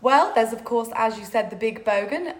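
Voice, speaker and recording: A woman's voice: fairly high pitch, expressive, moderate pace. A woman from England with an English accent, a caravan park manager answering interview questions in a cheerful, easygoing way.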